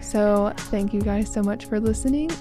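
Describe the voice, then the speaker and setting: A woman's voice: mid-range voice, moderate pace, over music. A young woman hosting a podcast, telling a personal story in a candid, present-tense way. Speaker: podcast host. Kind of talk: storytelling narration.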